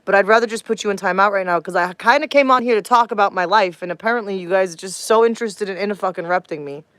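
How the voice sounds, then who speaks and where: A woman's voice: medium pitch, very fast, a bit bright, no room sound. A woman in her thirties talking bluntly to her live stream chat, combative and swearing heavily. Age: 30s.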